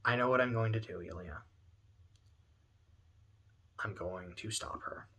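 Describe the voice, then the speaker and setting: A man voicing a grim young male hero who speaks in a flat, resolved way. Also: on the low side, normal speed, husky, pitched below the performer's own voice.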